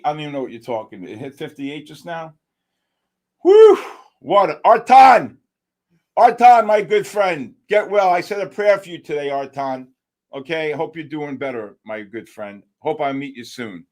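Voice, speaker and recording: A man hosting a live futures trading stream, giving excited, exclamatory market commentary and calling out viewers by name. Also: fairly high pitch, moderate pace. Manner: animated, exclamatory, talks to chat by name. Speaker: livestream trading host.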